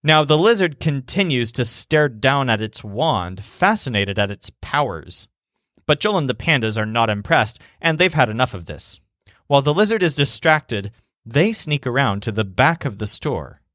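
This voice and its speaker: A man's voice: medium pitch, moderate pace, no room sound. Male language teacher, scripted storytelling narration, careful over Spanish words, dry close sound. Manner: calm, clear, pronounces Spanish words carefully.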